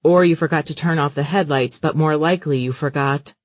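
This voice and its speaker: A man's voice: on the high side, fairly quick, no room sound, highs cut off, natural voice. A man voicing an exasperated grown son in an audiobook, weary and fed up. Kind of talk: audiobook character voice.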